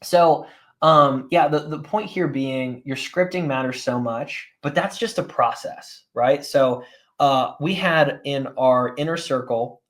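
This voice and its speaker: A man leading a live coaching session, talking plainly, teaching through examples and often asking "right?" of his listeners. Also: mid-range voice. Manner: conversational, often checks in with "right?" and "guys". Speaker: sales coach.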